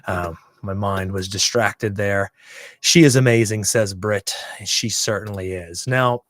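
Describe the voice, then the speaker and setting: A man's voice: lowish voice, measured pace, a bit bright, dry recording, studio quality. A man hosting a podcast interview, talking casually and emphatically with rambling asides. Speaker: podcast host.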